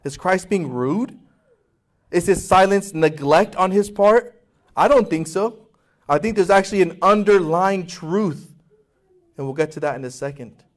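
A male pastor preaching a sermon with passion, acting out voices in quotes and asking his congregation questions. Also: on the high side.

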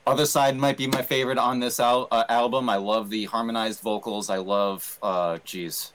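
A man in casual podcast chat, enthusiastic but halting, restarting his sentences and swearing now and then. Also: medium pitch, fairly even intonation, a bit bright. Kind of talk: casual chat reviewing an album.

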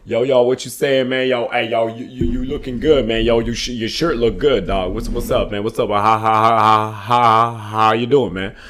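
A man's voice: mid-range voice, fairly even intonation, normal speed, few pauses, crowd noise, close to an everyday voice. A man imitating a friendly male street talker who repeats himself and stammers through slang. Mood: chummy.

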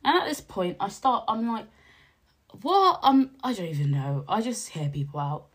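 A young woman with a hoarse, husky voice, chatting casually as she recounts a night out in an animated, slangy way. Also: brisk. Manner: animated, slangy, jumps to high exclaims when quoting. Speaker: podcast host.

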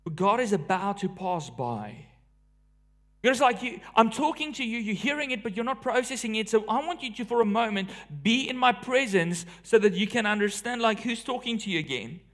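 A man preaching a sermon, dynamic and emphatic, swinging between forceful declarations and hushed, near-whispered passages. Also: high-pitched.

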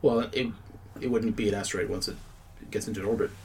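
A man co-hosting a podcast, chatting casually and reasoning things out, often dropping to a low murmur. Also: fairly even intonation, quick pace, darkish tone, far from the mic. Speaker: podcast co-host. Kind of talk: casual chat.

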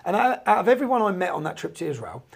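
A man with an English accent, telling stories fast in a casual podcast chat and checking in with "yeah?". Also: high-pitched, very animated, vocal fry, slightly rough. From England. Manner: rapid, repeats "yeah?" to check in. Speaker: podcast guest. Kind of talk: animated storytelling in casual talk.

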